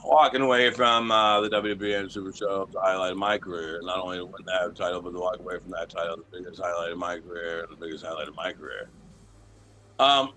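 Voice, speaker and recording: A man's voice: on the low side, bright, forceful tone. A man being interviewed as a wrestling champion, talking in a brash, boastful, profane way and telling stories casually.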